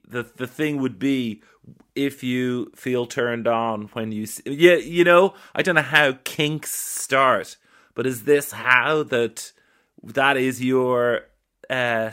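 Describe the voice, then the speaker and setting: An Irish man with a mid-pitched voice hosts a comedy podcast. He reads listener emails aloud in a dry, playful way and keeps breaking off to joke about them. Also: fairly bright tone. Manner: wry, playful, stops to riff on what he reads. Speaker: podcast host. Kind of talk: comic podcast monologue reading listener emails.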